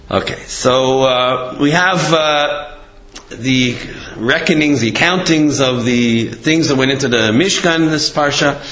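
A man's voice: medium pitch, fairly bright tone. Man, Torah class, conversational, many fillers, roomy echo, muffled sound. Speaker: Torah teacher. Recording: roomy, dull-sounding recording.

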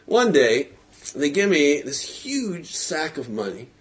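A man tells a religious story in a relaxed, spirited manner, often hesitating, using fillers and chuckling. His voice sits a little high and he speaks slowly.

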